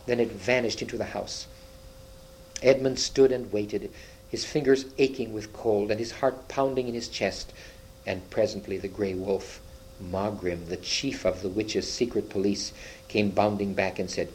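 A man narrating a storybook aloud in slow, measured, dramatic tones. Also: on the low side, fairly even intonation, a little mellow, a little hiss or hum, low-quality recording.

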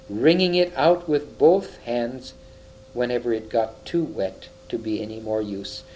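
Expressive man reading a storybook. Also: mid-range voice, a little hiss or hum, low-quality recording. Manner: expressive, slows for vivid moments. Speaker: storybook reader.

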